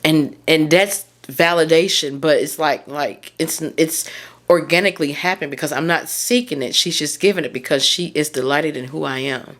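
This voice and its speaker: Hosting her own solo podcast, this mindset coach speaks in a deep, fairly bright voice at a moderate pace. She's candid and heartfelt but rambles, frequently drifting off track and losing her thread.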